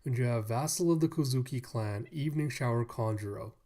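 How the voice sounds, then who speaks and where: A man's voice: mid-range voice, fairly quick. Man animatedly retelling a comic chapter. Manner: animated retelling, acting out scenes. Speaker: manga reviewer. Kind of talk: casual manga review.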